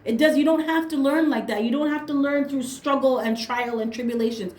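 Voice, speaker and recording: A woman reads tarot casually in a brisk, high-pitched voice with a darkish tone. She's blunt and slangy, swears freely, and hammers points home with "right?" and "okay?", all in a roomy, echoing recording.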